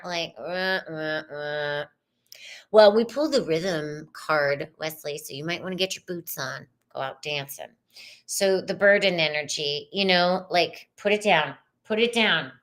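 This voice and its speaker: A woman reading tarot cards on a casual live stream. She talks slowly, in a mid-range voice. She rambles in a chatty way and calls out to viewers by name. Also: medium pitch, a bit bright.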